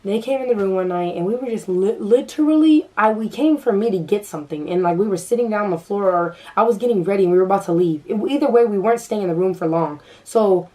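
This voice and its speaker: Animated young woman telling a story. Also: medium pitch, fast talker, few pauses, recorded from a distance. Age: young adult. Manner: animated, acts out dialogue. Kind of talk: casual storytime.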